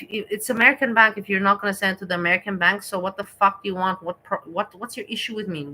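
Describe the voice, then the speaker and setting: A woman's voice: medium pitch, bright, forceful tone, poor audio. A young woman from Europe, a streamer ranting in frustration and swearing heavily during a reaction livestream.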